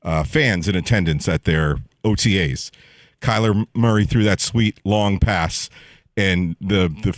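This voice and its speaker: Relaxed male radio producer, lowish voice, dry close mic. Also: unhurried, no echo. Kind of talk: casual sports radio banter.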